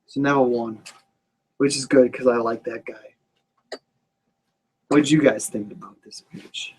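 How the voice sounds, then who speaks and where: A man's voice: mid-range voice, fairly even intonation, measured pace, a little mellow, husky. A man co-hosting a casual wrestling podcast, recapping matches in a laid-back, rambling way with lots of fillers. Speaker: podcast co-host.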